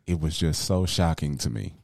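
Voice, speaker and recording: A man's voice: a bass voice, expressive, normal speed, creaky, darkish tone, no room sound, clean studio sound. A man co-hosting a podcast from a home workshop, talking in a laid-back, slangy way and often adding "you know". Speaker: podcast co-host. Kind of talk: casual podcast chat.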